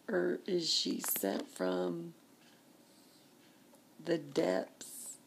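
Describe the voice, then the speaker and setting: A woman with a low, gravelly voice vents in an exasperated, complaining casual vlog. She talks slowly and often drops to a hushed whisper. A faint hiss of noise sits under the recording. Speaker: vlogger.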